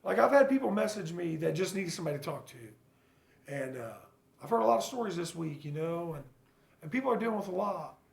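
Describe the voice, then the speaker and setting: A man with a slightly high voice and a gravelly edge speaks bluntly and earnestly, swearing without a second thought. He pauses often and restarts his thoughts as he talks to the camera like a personal vlog. The sound bounces around a bare, echoey room. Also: lively intonation. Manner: halting, full of fillers and restarts. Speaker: father sharing his recovery story. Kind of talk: casual personal vlog monologue.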